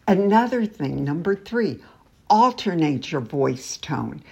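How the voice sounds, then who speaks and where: A woman's voice: medium pitch, breathy edge. An older woman, a teacher, sharing casual tips to camera in a cheerful way, laughing often between points.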